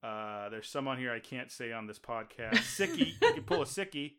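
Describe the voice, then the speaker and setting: A man's voice: mid-range voice, normal speed, a crowd in the background. An American man hosting a podcast, telling stories in casual chat with lots of laughs. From United States. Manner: laughing, animated storyteller. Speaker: podcast host.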